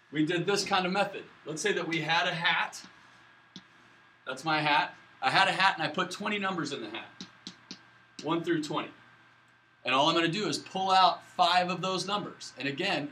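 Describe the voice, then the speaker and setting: Guy teaching stats at the board, kinda high bright voice, laid back and joking around, faint room hum. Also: low-quality recording. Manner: casual, chatty explaining with jokey asides. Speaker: statistics lecturer. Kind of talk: classroom lecture at a whiteboard. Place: classroom. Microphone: camera in the room, moving away to the board.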